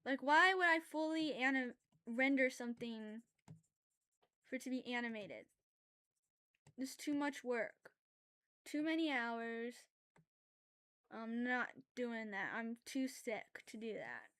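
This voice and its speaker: A woman with a notably high voice talks to her viewers while she draws on stream. Her tone is casual and conversational, and she rambles easily between comments on her work. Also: slow, pauses often, smooth. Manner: loud, animated ranting, then quiet and apologetic; chatty and self-aware, with filler words and laughs. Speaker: drawing streamer. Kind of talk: casual livestream chat while drawing.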